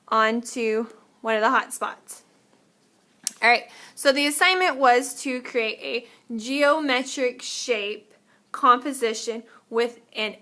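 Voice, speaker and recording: A woman's voice: a little high, bright, forceful tone. A woman teaching an art lesson, explaining step by step while demonstrating on paper and sometimes moving away from the mic.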